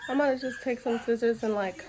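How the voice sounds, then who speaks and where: A woman vlogging casually, telling a story in an animated, exasperated way with repeated restarts. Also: fairly high pitch, brisk. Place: in a car and around home.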